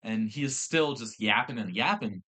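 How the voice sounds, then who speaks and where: A man's voice: lowish voice, lively intonation, normal speed, sharp tone. A young man hosting a podcast, telling stories in a casual, exasperated rant with swearing and restarts. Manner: exasperated ranting with profanity and restarts. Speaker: podcast host. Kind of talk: casual storytelling chat.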